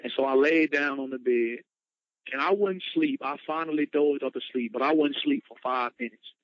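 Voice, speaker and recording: A male motivational speaker with a medium-pitched voice and moderate pace tells his personal story, retelling it emphatically and dramatically. The dry recording sounds dull and lo-fi.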